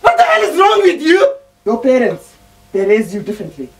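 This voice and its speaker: A vain, bossy boss shouts and brags at his staff in a comedy sketch, played by a man. His high voice leaps up and down. Music plays clearly behind him. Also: wildly swooping pitch, brisk, full character voice. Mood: grand announcing. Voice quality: shouty, swaggering and scolding. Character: loud boastful male shop boss, bossy and vain.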